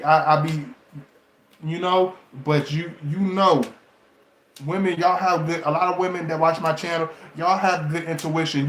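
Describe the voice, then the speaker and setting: Brief: gravelly man, preachy and teasing vlog rant, somewhat high voice, roomy echo. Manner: animated, preachy, mocking, laughs often. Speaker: relationship advice vlogger. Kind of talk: casual monologue to camera.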